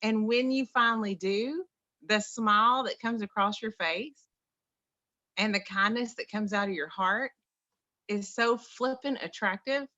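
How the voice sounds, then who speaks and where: A woman with an East Texas drawl talks on a video call with a bright, forceful tone. She is folksy and keyed up and repeats her points for emphasis, like a motivational pep talk. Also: mid-range voice, lo-fi sound. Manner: folksy, enthusiastic, repetitive. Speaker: participant sharing on a group call.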